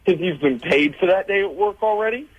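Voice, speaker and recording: Husky-voiced man arguing football. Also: sits high, brisk, narrow, tinny audio. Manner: argumentative, storytelling. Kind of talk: casual sports radio banter. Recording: radio studio mic.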